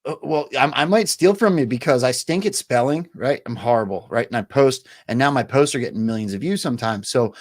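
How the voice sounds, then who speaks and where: A man's voice: mid-range voice, a little fast, few pauses. Easygoing man hosting a casual chat. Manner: easygoing, laughing often. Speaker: host.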